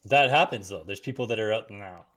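A man co-hosts a casual hockey talk show. He talks in a somewhat low voice, laid-back and dropping dry asides into the banter. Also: brisk, fairly bright tone. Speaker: podcast co-host.

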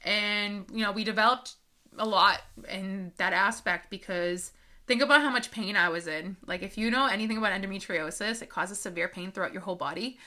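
A woman's voice: mid-range voice, fairly quick, bright, forceful tone. A woman in her thirties hosting a podcast, telling her own life story in a casual monologue that turns emotional, full of "like" and "um". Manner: emotional, with frequent fillers and laughs. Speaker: podcast host.

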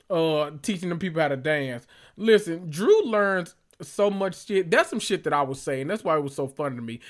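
A man hosting a solo reality TV recap podcast, talking in a sassy, profane way with drawn-out emphasis. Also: a little high. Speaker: podcast host.

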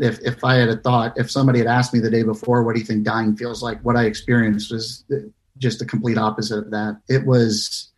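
A young man tells his own near-death story, his voice held in a narrow, flat range. He pauses often and restarts his sentences as he speaks with earnest care. His pitch sits in an ordinary middle register. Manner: halting, many fillers and restarts, earnest. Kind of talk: personal story told in casual talk.

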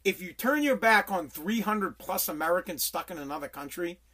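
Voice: mid-range voice, lively intonation, moderate pace, pushed and bright, slightly rough. Fuming, foul-mouthed podcast host ranting. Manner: profane, heated, repeats phrases for emphasis; stammers and restarts when worked up. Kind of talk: angry political rant.

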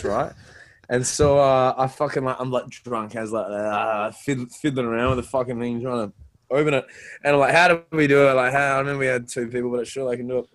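A young Australian man telling crude stories in a casual podcast chat, swearing often and laughing as he goes. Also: mid-range voice. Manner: crude, laughing, animated storyteller. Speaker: podcast guest.

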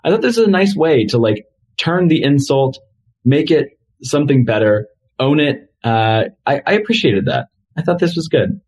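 A man's voice: on the high side, expressive, normal speed, darkish tone, breathy edge. A man co-hosting a podcast, chatting casually through a recap with lots of fillers. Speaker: podcast co-host.

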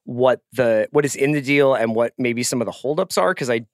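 A man co-hosting a podcast in casual chat, relaxed and joking with many fillers. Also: medium pitch, fairly quick, no echo, studio quality. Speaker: podcast co-host.

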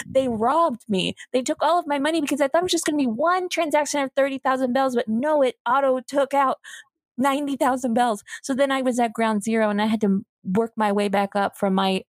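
A woman co-hosting a casual gaming podcast, telling an animated, ranting complaint. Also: high voice, fairly quick, dry recording, clean studio sound. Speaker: podcast co-host.

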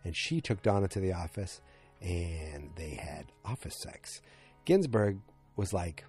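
Man with a low, husky, mellow voice; loose, rambling episode recap. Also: animated, unhurried, soft background music. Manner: rambling, full of fillers and restarts.

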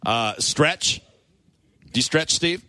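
A man's voice: on the high side, animated, slow, sharp tone, no echo. A man hosting a radio show, leading casual, teasing banter with his co-hosts. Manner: teasing, joking.

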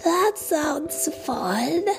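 A woman's voice: sits high, expressive, extremely slow, vocal fry, faint music behind, pitched above the performer's own voice, exaggerated voice. A woman voicing a sleepy young boy possum in a bedtime storybook reading, drowsy and half-whispered.

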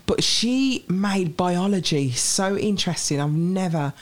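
A woman's voice: on the low side, unhurried. Chatty woman with a Birmingham accent. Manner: lively, chatty, laughs easily. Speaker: interview guest. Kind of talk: casual chat.

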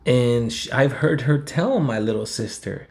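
Dude in his 30s, raspy gravelly voice, swearing and rambling. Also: mid-range voice, a little slow. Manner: profane, rambling, heated. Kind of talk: casual storytelling.

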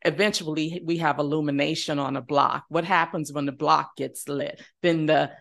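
A woman's voice: low-pitched, fairly even intonation, moderate pace, gravelly, a bit bright. A middle-aged woman from New Orleans, a nonprofit chief executive, giving earnest interview answers in repeated, rhythmic phrases. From New Orleans, United States. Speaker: nonprofit CEO, podcast guest.

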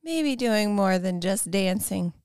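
A woman's voice: mid-range voice, animated, slow pace, darkish tone, clean tone, no room sound, clean studio sound. A woman playing a tabletop role-playing game, asking questions in character in a playful, teasing way. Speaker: player.

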